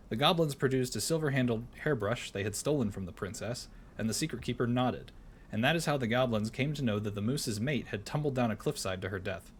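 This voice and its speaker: A man streaming a game, chatting casually and reading a storybook aloud in a playful, animated way. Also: mid-range voice, a little hiss or hum.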